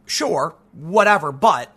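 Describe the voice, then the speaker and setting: Commentator: bright, high-pitched man with a lively, swooping delivery, sarcastic and a little congested. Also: slow, breathy edge. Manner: animated and sarcastic, with frequent mocking voices. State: stuffy from allergies. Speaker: political commentator. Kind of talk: casual opinion monologue.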